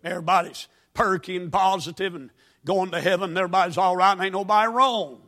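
A man from North Carolina with a Southern accent, preaching a sermon in a folksy storytelling way that breaks into shouting. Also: sits high, fairly even intonation, fast talker.

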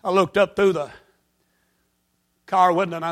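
A man from North Carolina with a Southern accent, preaching a sermon in a folksy storytelling way that breaks into shouting. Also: high-pitched, flat delivery, moderate pace, long pauses.

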